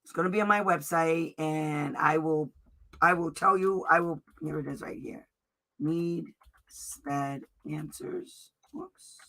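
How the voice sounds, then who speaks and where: Speaking slowly in a deep voice with vocal fry, this woman advocate teaches in a bright, forceful tone. Her informal lesson is direct and emphatic as she reads passages from letters and keeps asking "okay?"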